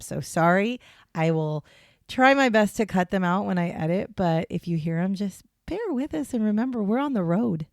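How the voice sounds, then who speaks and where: This true crime podcast co-host speaks low with a darkish tone, chatting in a meandering, filler-heavy way. Though she's in a small hotel room using headphones and portable gear, the recording is dry and studio-clean.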